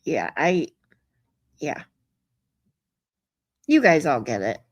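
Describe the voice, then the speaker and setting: A woman's voice: low-pitched, huge pitch swings, extremely slow, no echo. A woman hosting a livestream in casual chat, reading viewer comments and greeting them in a frank, chatty way that is peppered with swearing. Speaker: livestream host.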